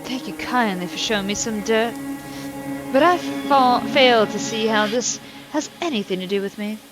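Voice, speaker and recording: A woman voicing a sharp-tongued young housewife who speaks low and curt in a game. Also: moderate pace, over music, close to an everyday voice.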